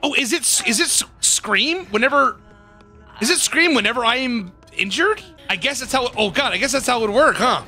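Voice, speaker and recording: A man giving casual, excitable gameplay commentary as a gaming YouTuber, swearing and laughing often. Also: very high voice, fairly quick, soft background music.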